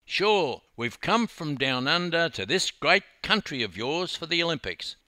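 A man voicing a brash, fearless woman with a broad Australian accent, talking loud and breezy in a storybook reading. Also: low voice, very animated, measured pace, no echo, voice pushed up, heavily acted.

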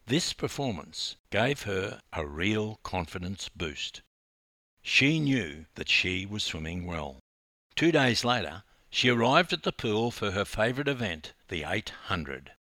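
A man, a swimming coach narrating his own memories in an animated, dramatic storytelling style. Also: on the low side, no room sound. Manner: animated, dramatic retelling that rises in intensity.

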